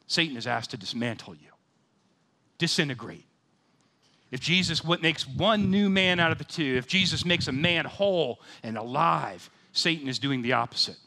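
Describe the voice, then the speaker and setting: A man in his fifties preaching a sermon, animated, swinging between loud excited bursts and quiet, sober scripture readings. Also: medium pitch. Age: 50s. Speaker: pastor.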